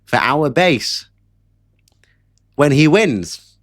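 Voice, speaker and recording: A man's voice: fairly high pitch, animated, very slow. A man delivering sarcastic, mocking political commentary in a ranting live stream. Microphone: camera setup at home.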